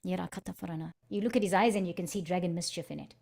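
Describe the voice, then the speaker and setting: A woman with a low, gravelly voice hosts a spiritual live stream. She is soft-spoken and slips into hushed chanting. She is heard over a video call. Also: very fast. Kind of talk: guided meditation and casual chat.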